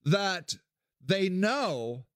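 A man's voice: extremely slow, no room sound, studio quality. A man from Ohio giving a candid solo monologue as a podcast host, blunt and swearing freely. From Akron, Ohio, US. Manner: blunt, swears freely, animated swings in pitch.

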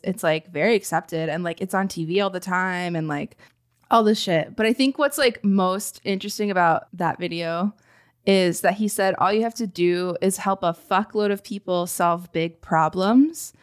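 A woman co-hosting a podcast in casual chat, measured and critical, with lots of fillers. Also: fairly low pitch, smooth. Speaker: podcast co-host.

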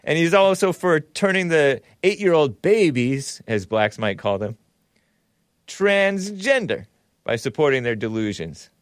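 A man hosting a talk show, giving casual political commentary in a mocking tone with laughing asides and sudden jumps in pitch. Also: big pitch swings, measured pace, dry recording, studio quality.

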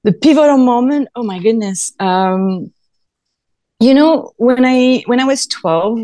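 A woman's voice: mid-range voice, a little mellow, dry recording. French-accented woman guest. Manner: earnest, rambling storytelling. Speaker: chiropractor guest. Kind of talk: podcast interview.

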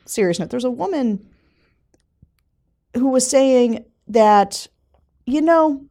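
A woman co-hosting a podcast in casual political chat, animated and laughing often. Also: high voice, takes it slowly. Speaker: podcast co-host.

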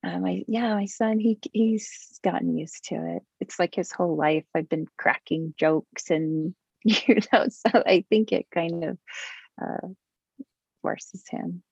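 A middle-aged woman speaking as an interview guest over a video call, candid and quick to joke. Her voice is husky with a gravelly fry and sits a little low. The audio is dull and lo-fi, with a close, dry sound and no room around it. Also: a little mellow, no room sound. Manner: candid, joking, with frequent fillers and laughs. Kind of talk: casual conversation.

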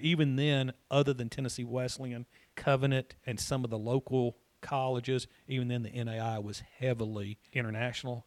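A man's voice: medium pitch, no room sound. Middle-aged male coach, chatty, stumbles over his words, dry close-miked recording. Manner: rambling, repeats words, laughs easily. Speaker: college soccer coach, guest. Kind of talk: casual interview talk.

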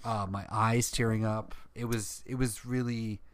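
A podcast co-host in casual chat, animated and acting out quotes from scenes. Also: medium pitch, measured pace, crowd noise.

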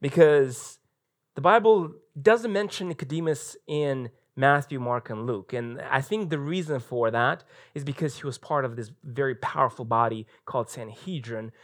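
A man's voice: mid-range voice, normal speed. A male pastor preaching a live church sermon, telling the story animatedly and acting out the quotes. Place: church sanctuary, recorded live.

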